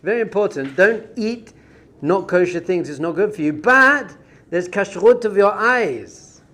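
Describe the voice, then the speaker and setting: A man teaching a Torah class as a rabbi, animated and conversational, full of rhetorical questions. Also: high-pitched, a little slow.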